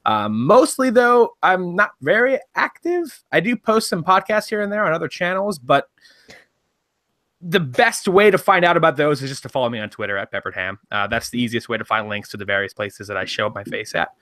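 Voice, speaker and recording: A man with a bright, forward voice speaks in a relaxed and slightly halting way on a casual group podcast. The sound is close and dry. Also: a little high, dry recording. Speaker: podcast guest, YouTuber.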